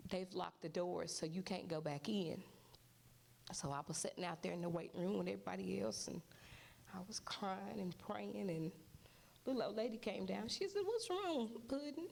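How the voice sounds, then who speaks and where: A woman's voice: mid-range voice, moderate pace, creaky, a little mellow. A mother giving an emotional testimony at a church service, acting out what others said to her. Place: church sanctuary.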